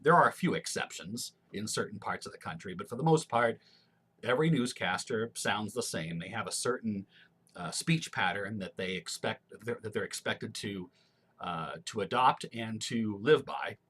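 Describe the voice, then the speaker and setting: A man from Missouri, a former radio announcer, talking casually through an accent tag in measured, clear announcer diction with a broadcast accent. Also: fairly low pitch, expressive, fairly bright tone. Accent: General American broadcast, Missouri roots. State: allergies, throat clearing.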